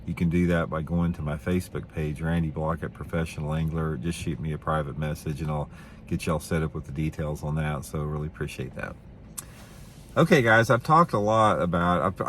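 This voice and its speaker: Middle-aged fishing guy, real low voice, rambly and blunt, bit of faint hiss behind. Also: a bit bright. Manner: rambling, repeats words, blunt and opinionated. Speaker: professional bass angler. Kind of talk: casual storytelling to camera.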